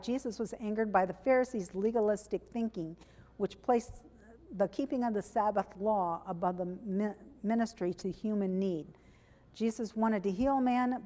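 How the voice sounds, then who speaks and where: Woman preaching in church, mellow voice, long echo off the walls, chatty and plain. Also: medium pitch. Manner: plainspoken, conversational with self-corrections. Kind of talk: sermon. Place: church sanctuary.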